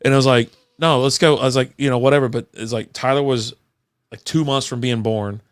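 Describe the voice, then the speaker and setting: A man in his thirties chats casually on a podcast over beers. He rambles through profane office stories at a mid pitch. The sound is dry and close to the mic. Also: fairly even intonation, fairly quick, clean tone, dry recording. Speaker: podcast host.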